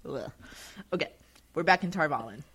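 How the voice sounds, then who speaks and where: A woman's voice: low voice, expressive, normal speed, a bit bright, slightly rough. A woman co-hosting a podcast, chatting casually through an episode recap with lots of fillers.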